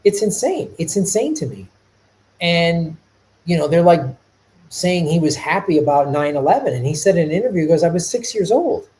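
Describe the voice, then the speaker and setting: A middle-aged man from Chicago hosts a live stream as a podcast host, talking casually and animatedly with lots of rambling and repeated restarts. His voice is a little high, his pace moderate, and the recording quality is low.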